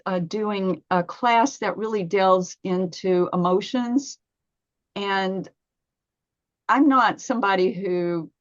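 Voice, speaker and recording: A woman's voice: on the low side, no echo, lo-fi sound. A woman in her fifties, a massage therapist, talking in a podcast interview, telling stories and acting out her own inner dialogue.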